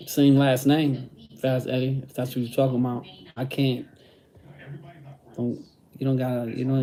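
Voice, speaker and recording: A man's voice: medium pitch, warm tone. A middle-aged man chatting casually on a livestream, using street slang and repeating phrases. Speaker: host reading live chat.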